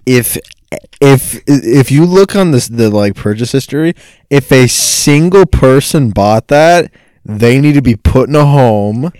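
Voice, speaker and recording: A man's voice: mid-range voice, animated, measured pace, darkish tone, no room sound. A man co-hosting a casual podcast, teasing his co-host bluntly and swearing freely.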